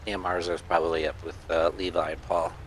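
A man playing a tabletop game, talking in a relaxed, joking way. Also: deep voice, a little fast, a little hiss or hum. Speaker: player. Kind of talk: casual tabletop play.

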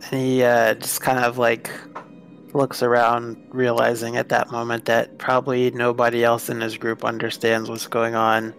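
Flat-toned man playing a character. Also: mid-range voice, moderate pace, gravelly, faint music behind. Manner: steady, describing character actions. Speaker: player. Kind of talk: tabletop role-play narration.

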